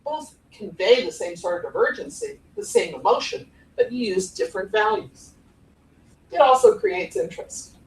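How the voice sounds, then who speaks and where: Her mid-range voice moves at normal speed as this animated Cleveland-area presenter demonstrates tones of voice during a playful conference workshop on podcast voice technique. Captured from a distance in an echoey room full of audience, the recording has slight background noise.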